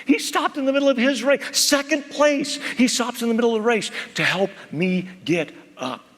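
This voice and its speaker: A man giving a motivational keynote, telling stories, calling out to the crowd and dropping to a hush for serious points. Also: extremely high pitch, moderate pace, big-room sound. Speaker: keynote speaker. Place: large conference hall.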